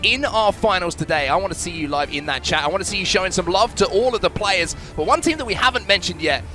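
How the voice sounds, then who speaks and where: A male esports caster calling the action at a quick clip, his voice bright and forceful as he hypes the viewers. He sits a touch high in pitch, with faint music running under him. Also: animated. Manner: upbeat, hyping the audience. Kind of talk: play-by-play commentary.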